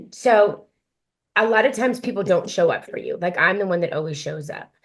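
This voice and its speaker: Reflective low-voiced woman guest. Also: a little fast. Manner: reflective, many um fillers, heartfelt. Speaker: guest, country singer. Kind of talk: interview podcast.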